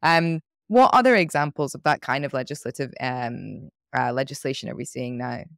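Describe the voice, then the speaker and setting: Gravelly-voiced curious podcast host. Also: mid-range voice, a bit bright, dry recording, clean studio sound. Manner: curious, quick reactions, follow-up questions. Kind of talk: conversational interview.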